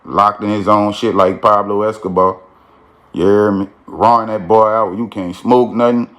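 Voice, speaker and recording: A man's voice: on the low side, normal speed. Slangy man telling a street story. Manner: animated, slangy, frequent "you feel me" tags.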